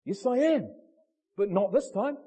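A man's voice: high voice, unhurried, husky, exaggerated voice. Man doing a firm, unbending God. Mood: firm, matter-of-fact. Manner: flat, firm refusals.

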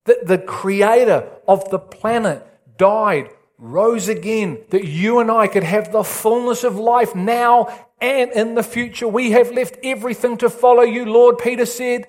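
A male pastor preaching an excitable, animated sermon with big swings in pitch. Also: a little slow.

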